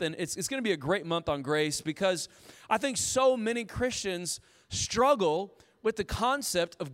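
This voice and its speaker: A man in his thirties preaching a sermon as pastor, telling stories in an animated way and quoting himself. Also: high voice. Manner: animated, storytelling with self-quotes. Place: church auditorium. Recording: long reverb of a large hall.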